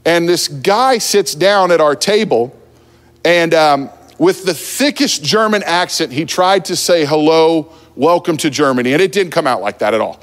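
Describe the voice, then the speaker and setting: A man from New Jersey preaching a sermon, telling a funny story about himself in a relaxed, conversational way from the pulpit. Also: fairly high pitch, unhurried. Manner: humorous, self-deprecating, conversational. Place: church sanctuary at the pulpit. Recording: long church hall reverb.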